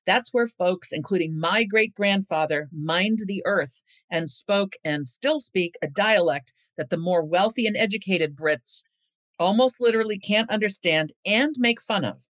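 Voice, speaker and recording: Expressive woman author reading aloud. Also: medium pitch, dry recording. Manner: expressive, slows down and speeds up for emphasis. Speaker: author and guest. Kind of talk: interview chat and reading from her own book.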